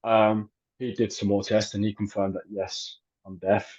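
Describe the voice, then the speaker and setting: Male guest, 30s, low-pitched, hesitant and filler-heavy; muffled lo-fi recording. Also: level tone, normal speed, a little mellow. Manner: hesitant, many fillers and restarts. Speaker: actor and filmmaker guest. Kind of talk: casual interview chat. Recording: dull lo-fi audio.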